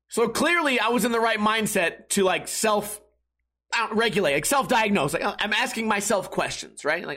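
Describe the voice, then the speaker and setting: A middle-aged man from Las Vegas spins a rambling, profane story with a high voice. His tone is bright and sharp, and he gets heated and laughs between lines. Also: animated, moderate pace.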